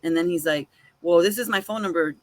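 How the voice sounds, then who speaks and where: A woman co-hosting a podcast tells a story in casual chat, animated and swearing casually as she acts out both sides of the dialogue. Her voice is lowish and a little fast, in a dry recording.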